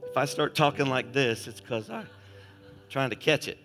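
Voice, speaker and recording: A man preaching as a visiting minister in a church through a face-worn mic, fervent, rising to shouts and dropping soft. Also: medium pitch, moderate pace. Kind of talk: sermon. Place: church sanctuary. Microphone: face-worn headset microphone. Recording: long hall reverb with faint instrument music.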